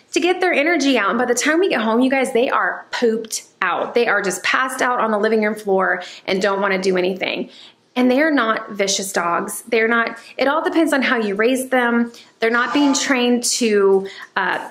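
Woman vlogger, animated chatty storyteller; slightly high voice, echoey space. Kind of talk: casual vlog chat. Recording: echoey room.

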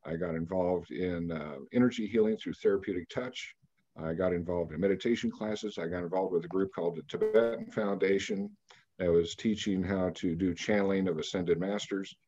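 A man in his sixties with a low, mellow voice tells a story as an interview guest. He is from Kansas and speaks in a measured, anecdotal way, pausing on fillers as he goes. The audio is dull and lo-fi. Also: steady tone. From Kansas, United States. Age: 60s.

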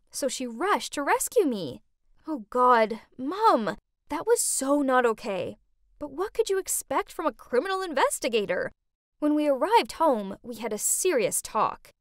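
A woman narrating a scripted first-person story in an animated, exclamatory way. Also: high voice, no echo, studio quality.

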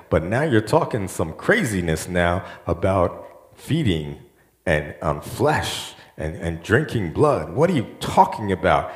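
A man's voice: measured pace, reverberant. A man preaching a sermon as pastor, acting out the voices of the people he quotes. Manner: animated preaching, quoting voices with rising pitch.

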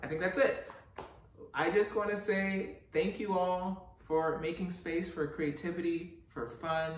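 Brief: upbeat male host with a slightly high voice, echoey garage room, distant mic. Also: steady tone, a little slow, a little hiss or hum. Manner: upbeat and encouraging. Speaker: host, children's book author and illustrator. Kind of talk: friendly craft-video host talk. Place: garage art studio.

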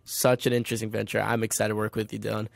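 A man hosting a casual podcast interview, relaxed and teasing, laughing easily. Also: lowish voice, racing, vocal fry, no room sound, clean studio sound. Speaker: podcast host.

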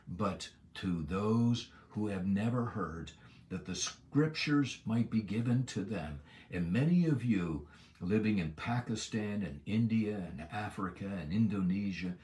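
A man giving a Bible lesson, stressing key words emphatically and drawing out scripture phrases slowly. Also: low-pitched, a little mellow. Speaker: Bible teacher.

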